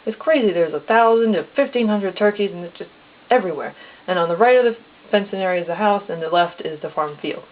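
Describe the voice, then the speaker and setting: A woman's voice: mid-range voice, fast. A woman telling a casual personal story step by step, acting out the dialogue in plain quotes. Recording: tinny phone-like lo-fi recording.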